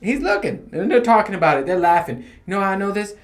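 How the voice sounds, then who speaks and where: On his own podcast, a man with a high-pitched voice rambles quickly through casual stories. He swears a lot and laughs frequently as he tells them.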